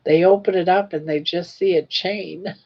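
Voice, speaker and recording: A woman's voice: lowish voice, fairly even intonation, moderate pace, husky, dull audio. Chatty older woman livestream host. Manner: chatty storytelling, laughs often. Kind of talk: casual chat.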